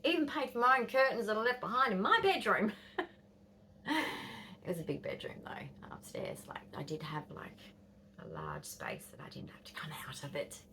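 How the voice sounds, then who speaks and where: A woman's voice: mid-range voice, sing-song, normal speed, pushed and bright, a little hiss or hum. An Australian woman in her fifties telling a rambling, blunt story to camera, swearing and dropping into whispers. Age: 50s. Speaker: vlogger.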